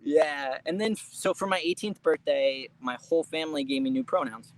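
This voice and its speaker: A man's voice: a little high, a little fast, slight background noise, rough recording. Chatty young man telling stories, laughing. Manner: chatty, laughs often, casual swearing. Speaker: interview guest. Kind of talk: casual storytelling interview.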